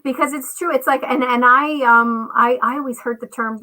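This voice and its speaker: A woman co-host speaking casually and affirmingly, with halting starts and repeated phrases for emphasis. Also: high voice, steady tone, sharp tone, rough recording. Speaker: podcast co-host. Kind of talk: casual conversational.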